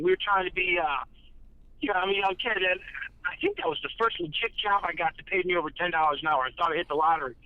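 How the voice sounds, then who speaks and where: A man guesting on a podcast, telling profane, lively anecdotes in casual chat. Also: sits high, quick pace, no room sound, phone-quality sound.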